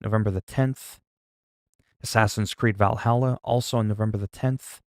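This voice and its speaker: A man's voice: fairly low pitch, steady tone, normal speed, no echo, clean studio sound. A man chatting casually on a game livestream, rambling, joking and reading the chat aloud into a desk mic. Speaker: gaming livestreamer.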